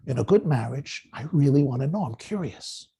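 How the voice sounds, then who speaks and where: A middle-aged man, a rabbi, lecturing young married men and acting out quoted spouses in an animated way. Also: mid-range voice, moderate pace, vocal fry, breathy edge. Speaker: rabbi giving marriage guidance.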